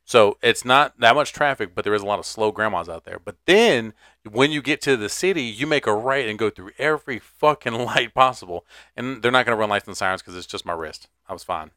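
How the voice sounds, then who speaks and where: A man's voice: on the low side, brisk, bright, forceful tone, dry recording, studio quality. A man, co-hosting a casual podcast and telling stories in a laid-back, profane way with frequent laughs. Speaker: podcast co-host. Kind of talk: casual chat.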